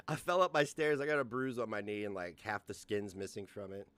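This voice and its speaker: A man's voice: on the low side, fairly bright tone, clean tone, no echo. A man in his forties rants on a casual livestream, swearing freely and mocking as he goes. His voice swings widely up and down, and it sits close and dry with no room sound. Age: 40s. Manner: profane and mocking, laughs often. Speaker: host.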